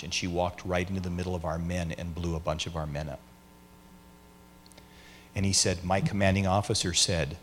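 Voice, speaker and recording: A man's voice: low voice, slight background noise. A man, a pastor, answering an audience question by telling a story in a conversational way, acting out the people he quotes. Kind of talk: teaching session with audience questions.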